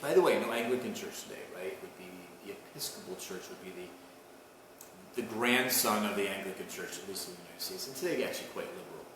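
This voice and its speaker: A man's voice: on the low side, animated, fast talker. A man giving a recorded college history lecture in a conversational way. He keeps checking in with "okay?" and "right?" and often restarts his phrases. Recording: echoey far-off room mic with noise.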